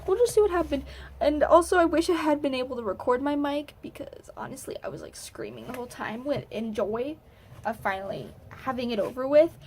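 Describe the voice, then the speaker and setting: A woman student recapping a game to her viewers in a casual, animated way, swearing now and then. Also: high-pitched, a little fast, a little hiss or hum. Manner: animated, excitable, swears freely. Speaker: gaming vlogger, student.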